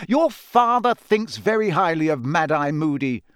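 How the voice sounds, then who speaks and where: A brisk, motherly witch from a storybook, put on by a male reader. She sounds firm and reassuring, raised in pitch, with a dry, close sound. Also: expressive, fairly bright tone, dry recording.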